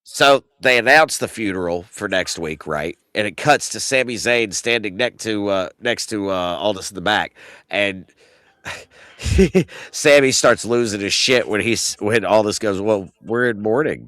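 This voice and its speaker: In clean studio sound with no room echo, a man in his thirties hosts a casual wrestling recap podcast at an unhurried pace. His rants are exasperated and profane, and his voice swings loud and high whenever something outrages him.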